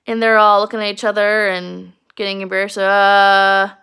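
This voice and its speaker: A woman's voice: medium pitch, little pitch movement, fairly quick, sharp tone, clean tone. A woman teacher giving a casual, earnest recap of a novel chapter, emphatic and sprinkled with fillers. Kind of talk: casual literature lesson recap.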